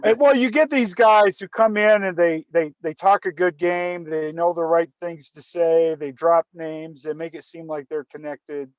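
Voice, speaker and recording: A man's voice: a little high, fairly even intonation, moderate pace, few pauses, smooth, no room sound, dull audio. A man telling a story in casual conversation, often restarting and repeating words. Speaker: guest storyteller.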